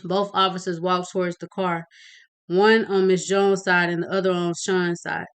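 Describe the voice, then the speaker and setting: A woman reading her novel aloud in a steady narrating voice, with occasional slips. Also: lowish voice, moderate pace, clear, resonant tone. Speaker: audiobook reader.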